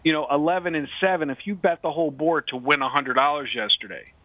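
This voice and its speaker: A man's voice: fairly high pitch, fast talker, a little hiss or hum. A man from Seattle hosting a sports betting radio show, talkative and insistent as he explains his points. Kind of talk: casual radio banter. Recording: dry phone-line sound.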